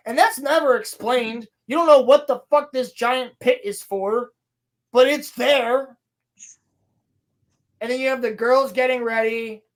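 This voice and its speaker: Woman podcast host, sarcastic and foul-mouthed, slightly high voice, casual recap. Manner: sarcastic, profane, mocking impressions of characters. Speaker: podcast host reviewing a TV episode.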